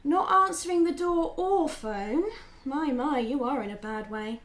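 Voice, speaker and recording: A woman's voice: high voice, lively intonation, a little slow. A woman playing a teasing, playful voice inside a man's head. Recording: roomy echo.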